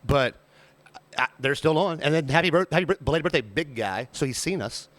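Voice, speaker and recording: A man co-hosting a podcast, teasing and cracking jokes in quick banter. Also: a little high, expressive, a bit bright, no echo. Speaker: podcast co-host and server. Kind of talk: casual chat.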